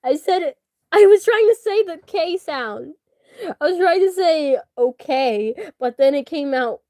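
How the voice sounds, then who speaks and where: Giggly sick young woman, slow talk. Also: high voice, animated, mellow, no room sound, clean studio sound. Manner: giggly, laughs often, self-mocking. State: sick, sniffling. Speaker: artist showing her drawings. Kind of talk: casual chat while drawing.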